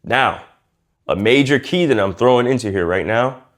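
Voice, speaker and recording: A man coaching viewers on speaking, casual and lively, acting out quiet and loud ways of talking and using slang as he goes. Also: mid-range voice, normal speed. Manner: lively and demonstrative, acts out quiet and loud speech. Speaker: communication coach. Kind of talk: casual instructional talk to camera.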